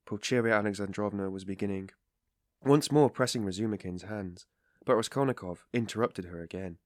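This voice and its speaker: A man narrating a classic novel as an audiobook reader, steady and measured. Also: deep voice, no room sound, clean studio sound. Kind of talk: scripted narration.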